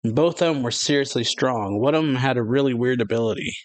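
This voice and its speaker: A man's voice: medium pitch, fast talker, poor audio. A man hosting a reaction video, casually reading a manga chapter aloud and paraphrasing it, now and then stumbling over names. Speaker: anime reaction channel host.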